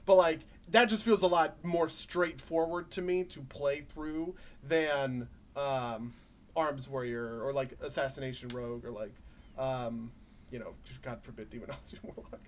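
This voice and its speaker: A young man co-hosting a casual gaming podcast, talking in a relaxed way with a lot of filler. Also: medium pitch, measured pace, slight background noise. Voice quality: relaxed, filler-heavy, laughs along. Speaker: podcast co-host. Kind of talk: casual chat about video games.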